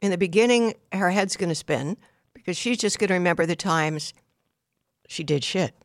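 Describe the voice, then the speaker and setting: A woman's voice: on the low side, moderate pace, no echo, clean studio sound. An older woman hosting a call-in advice show, giving blunt, direct instructions in numbered steps. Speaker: radio advice host.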